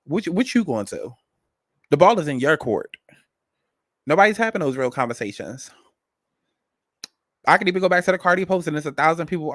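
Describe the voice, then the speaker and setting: A man's voice: fairly high pitch, very animated, brisk, pauses often, fairly bright tone, no echo, studio quality. A man hosting a celebrity gossip and astrology commentary, talking bluntly and emphatically and repeating his points. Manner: blunt, emphatic, repetitive, cussing. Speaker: commentary host.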